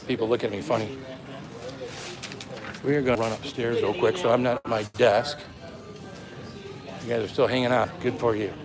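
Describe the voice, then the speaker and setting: A man's voice: medium pitch, fairly even intonation, normal speed, pauses often, over music. A man hosting a live stream about eating hot peppers, chatting casually and greeting viewers by name, a little out of breath, talking into a phone camera indoors. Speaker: pepper-eating channel host. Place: indoors, upstairs room. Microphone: phone camera at close range.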